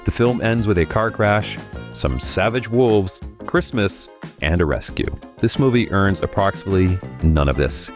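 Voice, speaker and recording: Male host, deep low voice, wry sarcastic review, faint music underneath. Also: animated, moderate pace. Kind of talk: comedic film review.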